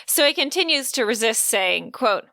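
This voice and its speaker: Bright gushing woman podcast host. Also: fairly high pitch, dry recording, clean studio sound. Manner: gushing, animated, quick to laugh. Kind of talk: casual book recap with read-aloud quotes.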